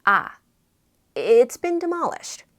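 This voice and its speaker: An unflappable alien man who speaks in brisk, matter-of-fact tones, as a woman reads him aloud. His lines run a little higher than her usual voice and bounce with lively pitch. It is a casual storybook read-aloud. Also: heavily acted.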